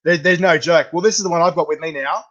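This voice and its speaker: An Australian man hosts a casual interview, chatty and stumbling as he repeats words. His voice sits fairly high. The recording sounds dull and lo-fi. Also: quick pace, a bit bright. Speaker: podcast host.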